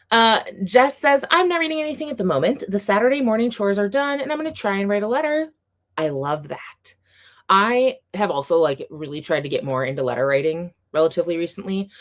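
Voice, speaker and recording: A woman hosting a casual livestream, chatting in an upbeat way and reading viewer comments aloud, with plenty of fillers and light laughs. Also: medium pitch. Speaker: livestream host reading chat.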